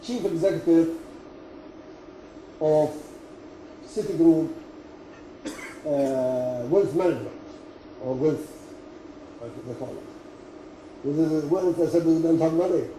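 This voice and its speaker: An older Emirati man, Arabic-speaking at heart, tells business stories in halting, chuckling English. His voice is very dark and mellow, picked up from a distance in an echoey room with faint background noise. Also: fairly high pitch. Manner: halting, chuckling storyteller in non-native English. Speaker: company chairman. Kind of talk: anecdote-telling at a business talk. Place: meeting room at company headquarters. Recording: roomy, from far off, faint noise.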